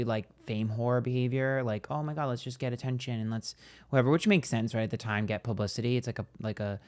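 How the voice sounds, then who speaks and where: A man doing a tarot reading to his viewers in a loose, rambling way. He trips over his words and repeats himself, then pushes hard with blunt, swearing emphasis. His pitch sits in an ordinary middle range for a man. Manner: rambling, hesitant, emphatic and profane. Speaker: psychic tarot reader. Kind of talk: casual tarot reading to camera.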